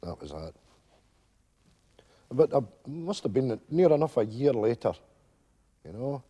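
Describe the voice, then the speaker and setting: An actor playing an elderly Scottish widower who tells a long, meandering story full of fillers, on a live stage. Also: male voice, mid-range voice, sing-song, unhurried, mellow, slightly rough, lo-fi sound. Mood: rambling fond. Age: older. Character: elderly widowed male pensioner, rambling storyteller. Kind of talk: live stage sitcom acting. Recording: theatre stage with long reverb.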